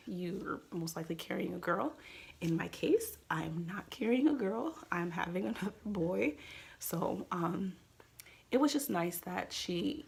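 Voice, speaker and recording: A woman's voice: on the low side, creaky, breathy edge. A woman vlogger candidly telling a personal story as she shares tips, confiding in tone and often quoting what people said. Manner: candid, confiding, with quoted dialogue and soft trailing phrases. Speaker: vlogger sharing pregnancy coping tips.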